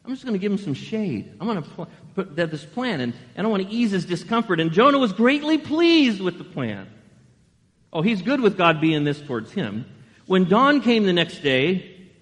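Preaching in a big-room sound, a pastor with a voice that sits high speaks a little fast. He's animated and poses rhetorical questions to the congregation.

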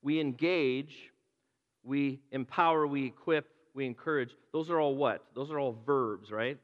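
A man's voice: mid-range voice, measured pace, in a large hall, highs cut off. A man preaching a conversational sermon to a congregation, with playful asides and repeated words. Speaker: pastor.

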